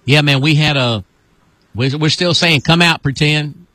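A man, a pastor, leading a deliverance prayer with commanding repeated calls and sudden high whoops. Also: a little slow, pushed and bright, no room sound.

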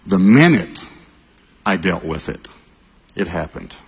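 Pastor preaching in a big hall. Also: male voice, sits low, breathy edge. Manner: animated storytelling, bursts of shouting and quick repeated phrases. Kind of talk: sermon. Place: large church hall. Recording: long reverb of a large hall.

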